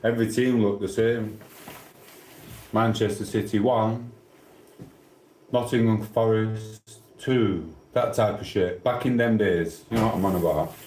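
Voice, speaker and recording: Somewhat slow with long pauses, this middle-aged Englishman speaks in a lowish, fairly even, slightly mellow voice with a Sheffield accent. He rambles chattily and cheekily through his livestream chat, swearing casually, in an echoey room with a faint hiss or hum.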